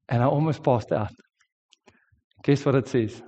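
A man's voice: medium pitch, a little slow, pauses often, dark tone, big-room sound. A South African man in his forties, sick with a sore throat, telling an earnest sermon story with frequent restarts. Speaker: preacher. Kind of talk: sermon testimony.

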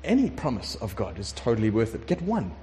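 A man preaching a conversational sermon, emphatic and lively, sometimes acting out prayers. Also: on the low side, brisk, a little hiss or hum. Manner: conversational, emphatic, acts out prayers in shifting voices. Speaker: pastor. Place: warm room with congregation. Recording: long hall reverb.

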